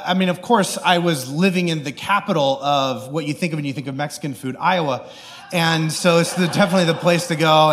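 A man with a fairly high voice preaches a sermon through an animated, self-deprecating personal story, acting out the people in it. His delivery carries a long reverb tail.

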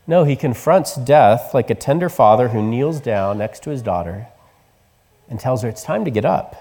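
A man preaching a sermon, telling the story with voices and dropping to soft, tender tones for the quiet words. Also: medium pitch, expressive, normal speed, big-room sound. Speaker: pastor.

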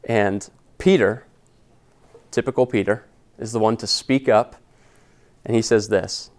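A man's voice: fairly low pitch, measured pace, vocal fry, long pauses, a little mellow. A man preaching an expository sermon as pastor, earnest and conversational, retelling scripture in casual everyday words. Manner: earnest and conversational, with slangy paraphrase.

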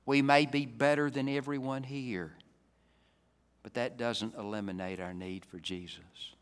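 A man preaching a sermon, swinging from loud, emphatic climaxes down to soft, low passages. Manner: dynamic, rising to loud emphatic peaks then dropping soft. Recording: reverberant hall.

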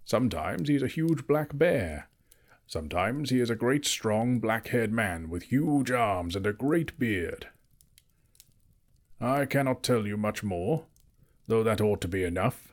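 A man's voice: lowish voice, lively intonation, unhurried. A man reading aloud, voicing an old male wizard who lectures emphatically and turns cross easily. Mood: stern.

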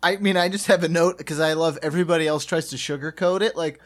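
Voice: fast, no room sound, clean studio sound. A podcast co-host chatting casually and making sarcastic jokes. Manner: animated, swinging pitch, sarcastic jokes. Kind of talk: casual comedic recap chat.

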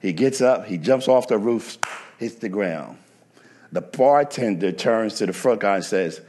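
Male pastor, lowish voice, storytelling sermon that builds to emphatic preaching. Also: lively intonation, unhurried, a little mellow. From New Jersey. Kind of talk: sermon with anecdotes.

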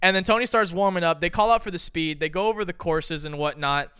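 A young man telling a story on a podcast, casual and animated, with loose slang and swearing. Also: sits high, quick pace, clean tone, no room sound, clean studio sound. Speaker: podcast co-host.

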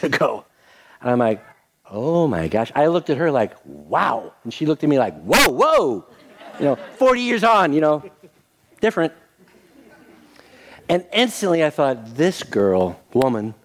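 An older man preaching a sermon as pastor, telling a story with acted-out quotes and leading a prayer. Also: mid-range voice. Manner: animated storytelling with voiced quotes, then soft prayer.

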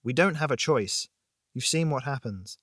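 A man's voice: mid-range voice, lively intonation, normal speed, a bit bright, dry recording, clean studio sound. A man voicing a blunt, skeptical young man who is a friend of the heroine.

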